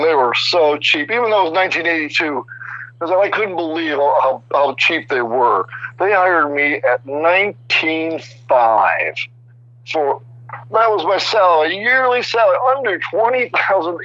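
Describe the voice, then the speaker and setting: A man in his sixties, a guest artist, telling casual stories in an animated, rambling way with many restarts. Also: fairly high pitch, no room sound, highs cut off. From Chicago area. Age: 60s. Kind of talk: casual storytelling interview.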